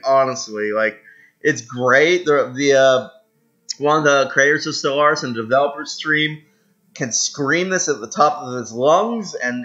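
A man's voice: medium pitch, pushed and bright, highs cut off. A man giving casual, rambling commentary on a strategy game, self-mocking, with lots of fillers. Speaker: gaming video host.

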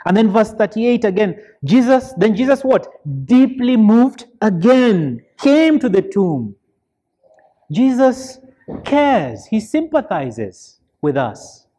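Male deacon, church Bible study; slow, deliberate delivery, emphatic, draws answers from the congregation. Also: very high voice, darkish tone. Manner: asks the listeners fill-in questions; earnest, emphatic preaching.

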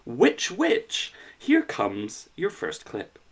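Animated playful male quiz host. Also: mid-range voice, drawn-out words, background noise. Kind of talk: casual podcast chat.

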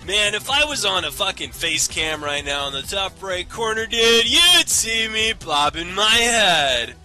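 A man's voice: high voice, sing-song, slow, soft background music, pitched above the performer's own voice, heavily acted. A man hamming up an overhyped gaming-show host. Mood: hyped. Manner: shouty, exaggerated hype.

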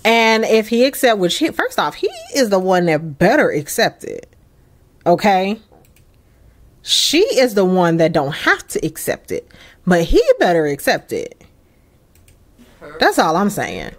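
A young woman hosting a life-sim let's play, giving casual, chatty and emphatic gameplay commentary with excited bursts. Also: mid-range voice, a little slow, pauses often.

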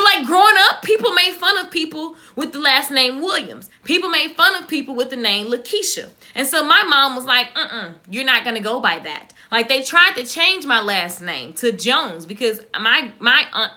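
Bright-voiced Southern woman. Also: on the high side. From Southern United States. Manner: lively, joking, talks fast, reacts to viewer comments. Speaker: YouTuber. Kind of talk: casual live-stream chat.

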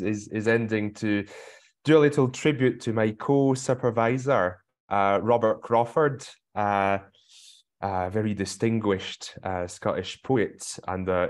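Hesitant low-voiced academic man. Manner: hesitant, many fillers and restarts. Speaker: poet and researcher. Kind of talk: casual spoken introduction.

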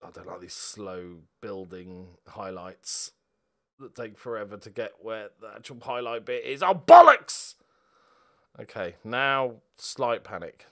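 A young man giving a football video game live commentary, excitable and sweary, moving between quiet muttering and loud outbursts. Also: lowish voice, unhurried. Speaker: gaming video host.

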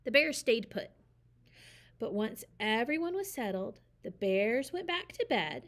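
Female storyteller, expressive read-aloud of a picture book; slightly high voice, animated. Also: a little slow. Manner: lively, expressive reading.

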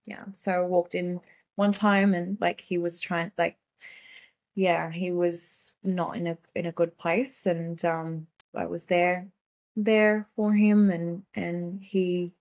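A young adult woman, a guest in a casual conversation, speaking softly and haltingly with many fillers. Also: on the low side, level tone.

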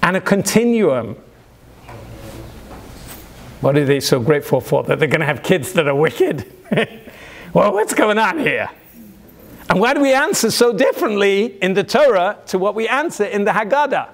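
Male rabbi, high voice, dramatic preacher who acts out inner voices. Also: sing-song, normal speed, creaky, pauses often. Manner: dramatic, swings between hushed and loud, acts out inner voices. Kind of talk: sermon.

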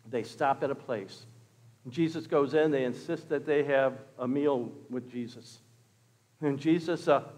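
A pastor telling a story in a sermon, swinging from loud exclamations to hushed words. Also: male voice, fairly high pitch, in a large hall. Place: church.

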